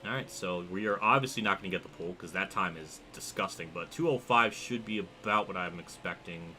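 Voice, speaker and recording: A young man streaming a racing game, chatting casually and reacting excitedly while reading his chat. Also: low-pitched, a little fast, a little hiss or hum. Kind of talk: live gameplay commentary.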